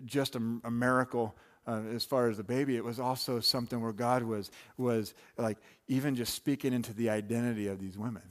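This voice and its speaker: A man preaching a sermon in a loose, conversational way, full of asides and restarts. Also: mid-range voice. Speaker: pastor.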